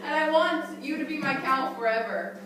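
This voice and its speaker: A woman's voice: sits high, moderate pace, pitched above the performer's own voice, lightly acted. A woman voicing a lovesick male squirrel who pleads earnestly. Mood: pleading. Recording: echoey room, distant mic, background noise.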